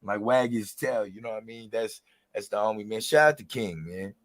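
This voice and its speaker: A man's voice: on the low side, brisk, dry recording. A man hosting a casual interview, joking around, laughing often and talking loosely with lots of fillers. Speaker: interview host. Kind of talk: casual chat.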